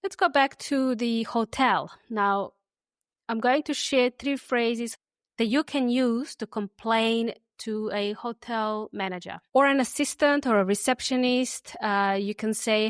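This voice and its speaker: A woman hosting an English lesson podcast, friendly and easygoing, who says example phrases slowly and repeats them for listeners to copy. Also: fairly high pitch, clear, resonant tone, no echo, studio quality. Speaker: English teacher and podcast host.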